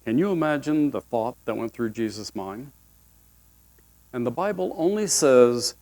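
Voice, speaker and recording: A man's voice: medium pitch, animated, unhurried, a little mellow. A male pastor giving a sermon with folksy, humorous storytelling.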